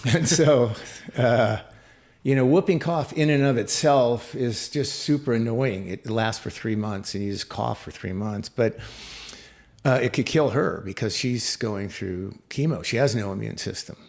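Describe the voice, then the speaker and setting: A man's voice: mid-range voice, a little slow, vocal fry, a little mellow. A middle-aged man, a podcast guest, telling a personal story reflectively, with many fillers and restarts.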